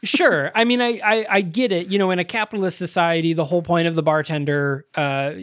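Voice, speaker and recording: A man's voice: a little high, steady tone, fairly quick, a bit bright, no room sound, studio quality. A man co-hosting a podcast, chatting casually about a movie, laughing often and swearing when annoyed. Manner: laughing, exasperated, swears freely. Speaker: podcast co-host. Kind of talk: casual movie review chat.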